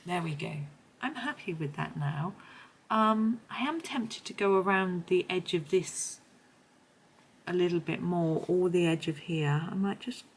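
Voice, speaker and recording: Woman, hoarse, lowish voice, chatty meandering tutorial talk, faint background scratching. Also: a little slow, slight background noise, rough recording. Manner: chatty, meandering, self-correcting. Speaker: colouring tutorial host. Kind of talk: casual tutorial narration.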